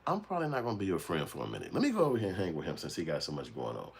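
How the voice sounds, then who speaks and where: A man ranting in a casual commentary, profane and animated, telling streetwise stories. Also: extremely low pitch, very fast, gravelly, slightly rough. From United States. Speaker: commentary show host.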